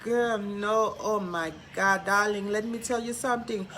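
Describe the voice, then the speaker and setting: A man's voice: sits high, fairly even intonation, a little slow, pushed and bright, slight background noise. A man voicing a brash, flamboyant female psychic hotline host with a drawl who says "darling" constantly. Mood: sassy. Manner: drawling, peppers every line with "darling".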